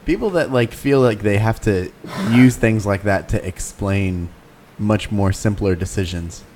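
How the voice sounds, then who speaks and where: Easygoing lower-voiced man explaining things. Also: unhurried, darkish tone, slight background noise. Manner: easygoing, explaining, many fillers. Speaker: podcast co-host. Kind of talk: casual chat.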